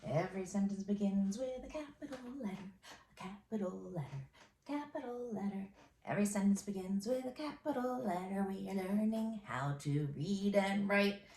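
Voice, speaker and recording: A woman's voice: mid-range voice, darkish tone. Young woman teaching first graders, sing-songy and encouraging, roomy echo. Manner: slow, drawn-out dictation of sentences. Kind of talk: remote phonics lesson. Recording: echoey room.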